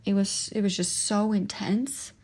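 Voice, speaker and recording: Young woman, gravelly voice, halting emotional monologue. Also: medium pitch, fairly even intonation, a little mellow. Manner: emotional, halting, with restarts and pauses. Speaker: podcast host sharing her testimony. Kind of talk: personal testimony monologue.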